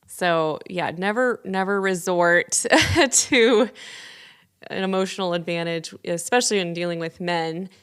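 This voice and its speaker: A woman hosts a podcast in a smooth, very clear voice. She speaks in a measured way and asks thoughtful questions. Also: on the low side, a bit bright. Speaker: podcast host. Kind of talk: casual chat.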